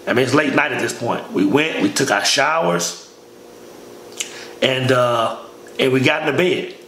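A man speaking a little slowly in a mid-range voice tells a lengthy personal story about army training. His tone is relaxed and slangy, with "man" dropped constantly, and the room sounds echoey with faint noise.

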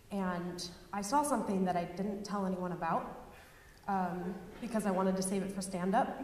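A young woman performing a rambling, self-aware stand-up comedy set on a live stage. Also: medium pitch. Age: young adult. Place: live stage before a laughing audience. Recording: echoey hall, far mic, crowd laughter, noise.

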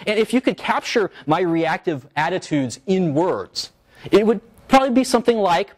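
A man lecturing on philosophy at a seminar, animated and joking, full of fillers, restarts and quick "right?" check-ins with the room. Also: sits high.

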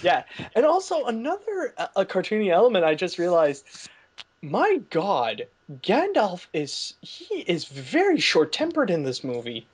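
Chatting loosely about a movie on his podcast, a male host speaks in a high, husky voice whose pitch swoops wildly, at a slightly slow pace. He rambles through the review, restarting sentences and leaning on "like" again and again.

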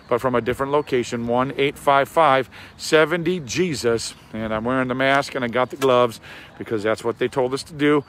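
A hoarse man with a scratchy voice gives an earnest, rambling video update as an outreach pastor, recorded outdoors in a park on a handheld phone. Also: mid-range voice, a bit bright. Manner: earnest, rambling, with many fillers.

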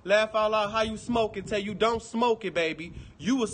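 Man, Detroit accent, high voice, brash and profane, livestream chat, faint room noise behind. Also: moderate pace, few pauses, fairly bright tone.

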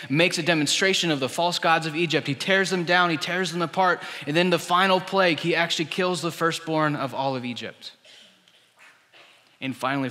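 A male pastor delivers a lively, storytelling sermon, slipping into the voices of the people he quotes. His tone is bright and forceful. The long reverb of a church hall trails after every phrase. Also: a little high.

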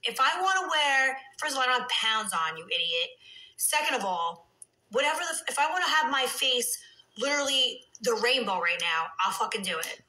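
A reality TV personality talks with viewers late at night on a phone livestream, swearing freely and brashly cursing out the trolls. Her voice sits high with big pitch swings, moving at a normal speed with a bright, forceful tone. The audio quality is poor.

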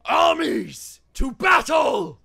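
A man's voice: very high voice, very animated, drawn-out words, gravelly, bright, forceful tone, shouting, voice pushed up, exaggerated voice. A man voicing a commanding knight leader who bellows a battle cry.

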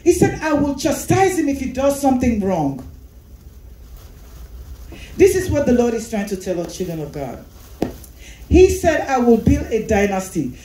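A woman's voice: on the high side, warm tone, reverberant, slight background noise, poor audio. A woman leading a Sunday school class, explaining a Bible passage, repeating phrases and asking the class questions. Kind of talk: Bible teaching.

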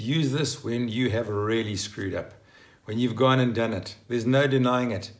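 This channel host presents a scripted English vocabulary lesson, acting out phrases with emphatic enthusiasm. He speaks at a moderate pace in a medium-pitched voice.

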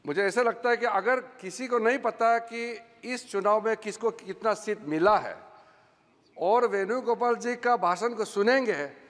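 A man answers in a parliament debate with a high voice and quick, pressing delivery. A long reverb from the chamber trails his words. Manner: calm and slow at first, then fast and heated. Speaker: government minister.

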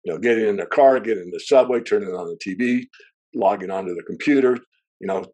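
A man with a low, mellow voice, talking as an interview guest about markets. He explains at length, drifting into asides, and clears his throat now and then. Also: fast. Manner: discursive, wanders into asides. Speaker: precious metals analyst guest.

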